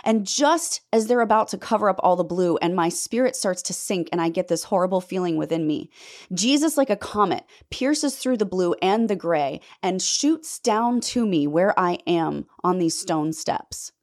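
A woman's voice: lively intonation, moderate pace, darkish tone. A young adult woman telling an emotional personal testimony to her viewers, intense and dramatic, her voice jumping up sharply on emphatic words. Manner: intense, dramatic storytelling with sudden pitch leaps when emphatic. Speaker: faith vlogger telling a personal story.

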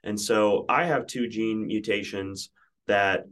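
A man hosting a podcast, chatting in a relaxed, conversational way. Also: lowish voice, takes it slowly.

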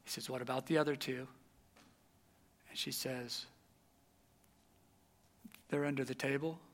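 A man preaching a sermon, telling a story with animated energy and dropping to a hush at the tense moments. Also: medium pitch, measured pace.

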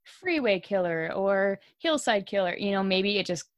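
A young Canadian woman co-hosting a podcast, telling a story in a casual, animated way and laughing often. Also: medium pitch, normal speed, dry recording. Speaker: podcast co-host.

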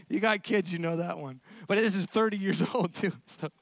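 A male pastor preaching a sermon at a church service, telling the story in an animated way and laughing often between lines. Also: sits high, gravelly, no room sound.

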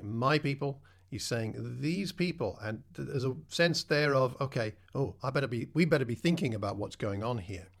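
Gravelly male preacher, conversational sermon. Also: medium pitch. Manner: conversational, asks the listeners questions.

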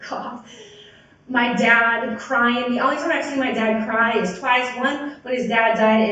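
Woman sharing her story in an echoey hall. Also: a little high. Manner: casual, rambling, many "like" and "you know" fillers. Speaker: speaker sharing at a recovery meeting, a sponsor. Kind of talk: personal recovery testimony. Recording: very echoey hall, voice from far off, dull sound.

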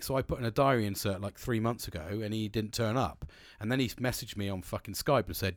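A man's voice: lowish voice, fast, no echo. Brief: British man, swears constantly, blunt and boastful, dry close sound. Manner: jumps between mumbling and loud bursts. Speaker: vlogger. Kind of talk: casual rant, telling a work story.

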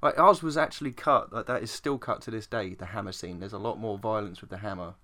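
English man, podcast co-host, casual film chat, sweary, animated. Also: on the low side, quick pace. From England. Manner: sweary, laughs often, animated retelling.

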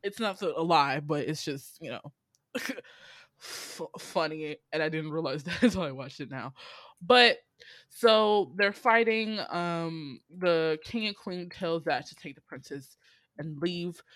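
Animated, laughing casual storyteller. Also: mid-range voice, slow, dry recording. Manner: animated storytelling, acts out quoted lines, laughs often. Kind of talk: casual movie recap.

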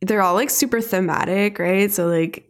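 A woman's voice: mid-range voice, moderate pace. A young woman chatting casually, retelling a cartoon episode with constant "like" fillers. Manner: heavy use of "like" fillers, chatty and animated.

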